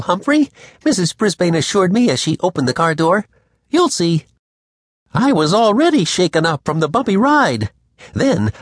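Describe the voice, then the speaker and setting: A man narrating a children's audiobook in first person, with a lively storytelling manner. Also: on the high side, slightly rough, dry recording, clean studio sound. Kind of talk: scripted narration.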